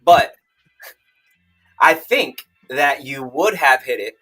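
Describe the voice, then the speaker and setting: A man co-hosting a podcast, bantering loudly and teasing his co-host with bursts of mock shouting. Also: medium pitch, lively intonation, slow pace, faint music behind, low-quality recording. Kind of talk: casual chat.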